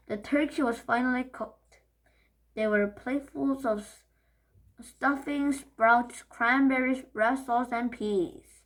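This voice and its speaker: A woman whose first language is Korean, reading a children's book aloud slowly, carefully and expressively. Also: fairly high pitch, fairly even intonation, poor audio. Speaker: storybook reader.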